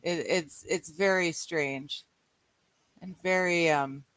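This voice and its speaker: Woman cohost chatting, bright voice, dry close sound, lots of mm-hmms and laughs. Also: on the low side, slow, dry recording. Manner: brief backchannels, easy laughter. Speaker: livestream co-host. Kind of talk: casual chat.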